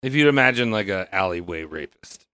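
A man co-hosting a casual podcast chat, joking and quick to laugh. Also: sits low, expressive, bright, forceful tone, clear, resonant tone, no room sound. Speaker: podcast co-host.

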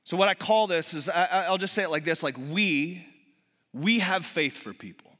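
A man's voice: sits high, normal speed, fairly bright tone, long reverb tail. A male pastor preaching a sermon, telling personal stories with humor and acting out quotes energetically.

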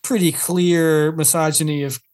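Quick-talking man with a slightly high voice. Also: steady tone, a little mellow. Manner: quick, talkative, speculative. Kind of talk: casual podcast chat.

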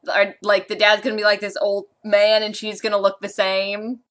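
A woman co-hosting a casual movie review chat, playful and quick to laugh. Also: medium pitch, completely flat delivery. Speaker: podcast co-host.

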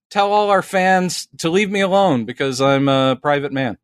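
Animated, fairly high-voiced man telling stories. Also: moderate pace, few pauses, clear, resonant tone, dry recording, clean studio sound. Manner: animated storyteller, acts out quoted voices. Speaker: podcast co-host. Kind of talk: casual chat.

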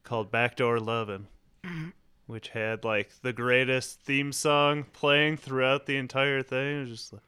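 Man, podcast guest, chuckling storyteller, smooth voice, dry. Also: mid-range voice, unhurried, no echo. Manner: laughing, animated storytelling. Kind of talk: casual podcast chat.

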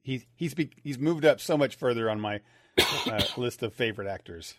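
With a medium-pitched voice, lively intonation, and a normal pace, another podcast co-host chats casually. Frequent stumbles and restarts send him circling back to wrap up his points, and the audio is close, dry, and free of echo.

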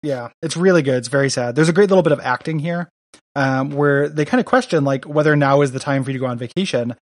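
In a slightly high voice at a quick pace, a man co-hosting a podcast chats loosely about a comic book, using many fillers and voicing the villain's lines. The audio is studio quality with no room sound.

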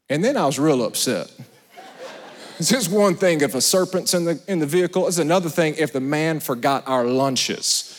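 A male pastor delivering a sermon with a notably high-pitched voice. He tells stories with animated shifts between loud emphasis and quiet asides. His voice carries a long reverb from a large hall. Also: moderate pace.

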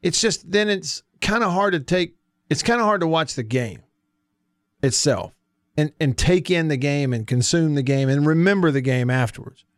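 Southern male sports radio host, folksy, slightly high voice, dry studio sound. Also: animated, moderate pace, no room sound. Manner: chatty, folksy, reads listener texts aloud. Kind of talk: casual sports talk radio. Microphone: studio mic.

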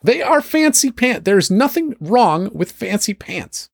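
A man doing a huffy, high-pitched frog watcher. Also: very animated, measured pace, creaky, husky, no room sound, exaggerated voice. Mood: indignant. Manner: exasperated, huffy, indignant. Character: fussy indignant man watching frogs.

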